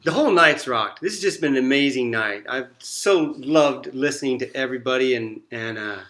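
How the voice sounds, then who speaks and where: A man introducing his own song in a soft, halting, rambling way, joining over a video call from home. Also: medium pitch, soft background music. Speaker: singer-songwriter performer. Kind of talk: casual spoken song introduction. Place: at home in Virginia, joining remotely.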